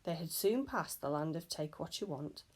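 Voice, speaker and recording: A woman reading a children's novel aloud with steady, clear storytelling. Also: sits low, moderate pace. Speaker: storybook reader.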